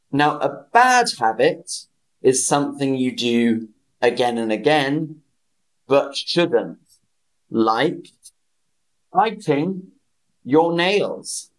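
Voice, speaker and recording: A man teaching English on a live stream, speaking slowly and clearly, repeating phrases and greeting viewers by name. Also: mid-range voice, low-quality recording. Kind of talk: slow, clear language lesson with repetition.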